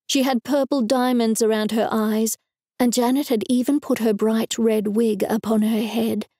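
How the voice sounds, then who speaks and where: A woman's voice: a little high, steady tone, normal speed, mellow, no room sound. Dry, wry woman audiobook narrator. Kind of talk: first-person novel narration.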